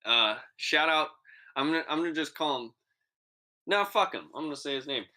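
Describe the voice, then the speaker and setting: A man's voice: fairly high pitch, normal speed. A young man co-hosting a podcast, telling a long, profane story in casual chat and acting out the voices of the people in it. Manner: animated, profane, acts out quoted voices. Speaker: podcast co-host.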